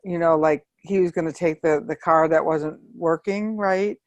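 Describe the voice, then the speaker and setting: A woman on a group video call telling an anecdote in a relaxed way with light laughter. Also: deep voice, normal speed, dry recording. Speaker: book study participant. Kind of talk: casual anecdote.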